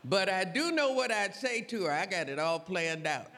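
An older woman doing a slow, dry stand-up routine. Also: lowish voice, lively intonation, fairly bright tone. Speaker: stand-up comedian. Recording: echoey hall with audience.

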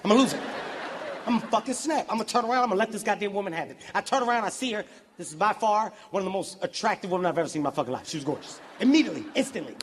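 A man doing a stand-up routine, telling stories in a brash, profane, animated way with shouted outbursts. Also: high-pitched, rapid-fire, long reverb tail, slight background noise. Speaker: stand-up comedian. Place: large venue with audience.

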